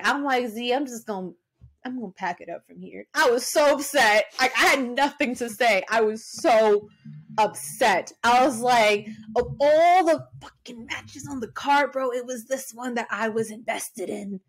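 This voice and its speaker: A young woman co-hosting a casual podcast chat, passionate and animated, swearing freely. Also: a little high. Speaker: podcast co-host.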